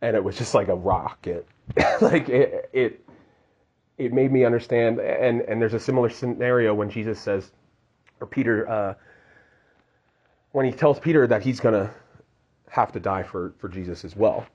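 Husky-voiced man preaching conversationally. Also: fairly low pitch, moderate pace, long pauses, a little mellow, muffled recording. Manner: earnest and conversational, many restarts. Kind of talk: casual devotional teaching.

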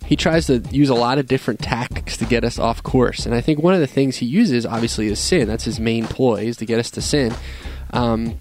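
A man's voice: mid-range voice, brisk, few pauses, darkish tone, faint music behind. A man co-hosting a faith radio show, reflecting earnestly between playful quips, with frequent fillers. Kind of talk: casual faith talk on radio.

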